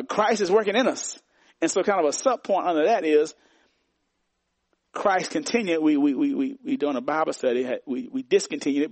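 High-voiced emphatic preacher. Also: male voice, darkish tone, no echo. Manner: emphatic, repetitive preaching with call-and-response. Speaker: pastor. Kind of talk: sermon.

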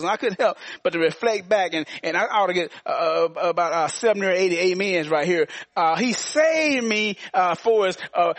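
A man of about sixty preaches with a high-pitched voice, repeating his points and calling on the congregation to respond. The sound is close and dry, with little room echo. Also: fairly bright tone. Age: around 60. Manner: repetitive call-and-response preaching with frequent laughs. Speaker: pastor. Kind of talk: sermon.

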